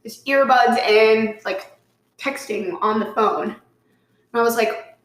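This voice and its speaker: Animated swearing woman, roomy echo. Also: fairly high pitch, takes it slowly. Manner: animated, swearing, lots of "like", acts out quotes. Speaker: podcast guest. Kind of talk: casual storytelling chat.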